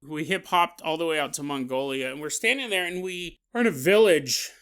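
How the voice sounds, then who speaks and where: A man telling a comic story as a podcast host. His voice is high and bright, and he talks in an animated, joking way with laughing asides. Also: brisk, smooth. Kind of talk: comedic storytelling.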